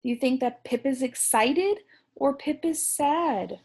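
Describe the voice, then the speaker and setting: Slow, gentle woman teacher reading aloud. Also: high-pitched, animated, husky. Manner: slow, gentle and encouraging, with questions to the class. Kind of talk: reading a picture book aloud to young students.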